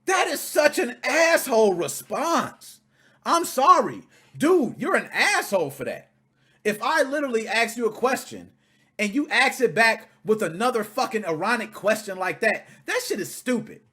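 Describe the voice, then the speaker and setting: A man hosting a video reaction, talking casually in an animated, profane, indignant way. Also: very high-pitched, moderate pace, husky.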